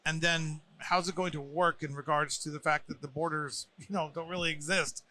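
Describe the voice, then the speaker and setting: With a slightly high voice that sounds pushed and bright yet steady, an American podcast host interviews guests at a busy conference. He speaks in lively, playful bursts, with slight background noise in the recording.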